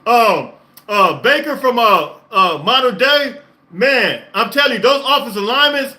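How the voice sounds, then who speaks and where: An excited man hosting a sports reaction stream, talking emphatically, repeating himself and laughing often. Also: very high voice, a little slow. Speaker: podcast host. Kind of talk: live-stream sports reaction, reading chat.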